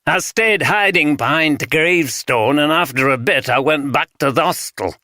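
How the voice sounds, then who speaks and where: A man's voice: fairly high pitch, normal speed, pushed and bright, no echo, studio quality, voice pushed up. A man voicing a wary, scruffy homeless man with a broad Yorkshire accent, talking in blunt, clipped dialect in an audiobook.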